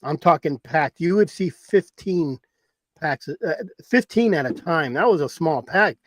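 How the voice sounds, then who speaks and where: Host, male, from Arizona; rambling storyteller, a bit higher voice, dry close sound. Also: lively intonation, a little slow, no room sound. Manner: rambling, repeats himself for emphasis. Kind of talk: casual storytelling chat.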